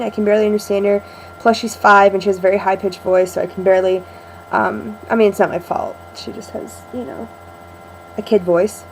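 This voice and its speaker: A woman's voice: medium pitch, vocal fry, darkish tone, a little hiss or hum, rough recording. A young woman chatting in a casual video diary to a friend, rambling and sarcastic, with lots of ums, recorded at home. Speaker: vlogger.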